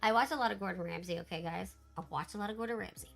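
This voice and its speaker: A woman chatting casually with her live-stream viewers, animated and laughing often. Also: medium pitch, very fast, gravelly, soft background music.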